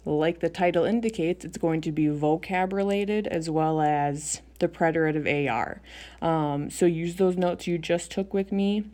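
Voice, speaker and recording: A woman's voice: on the low side, measured pace, warm tone. A young adult woman teaching Spanish in a recorded video lesson, explaining step by step in a patient way with frequent ums.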